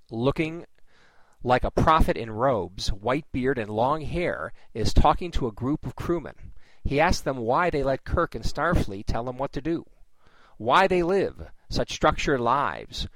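Male host narrating a plot recap, even and wry, dry close sound. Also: medium pitch, no echo, low-quality recording. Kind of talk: scripted plot recap with casual asides.

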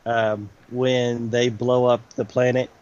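A man co-hosting a podcast, talking in a relaxed, rambling way with many fillers. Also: mid-range voice, slow, clear, resonant tone. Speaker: podcast co-host. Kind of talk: casual chat about comics. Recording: slightly dull lo-fi audio.

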